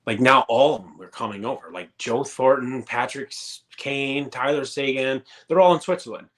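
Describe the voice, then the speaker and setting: A man in his thirties who used to play pro hockey, speaking at a normal pace in a mid-range, fairly bright voice. In a casual interview he rambles through profane stories, packed with fillers.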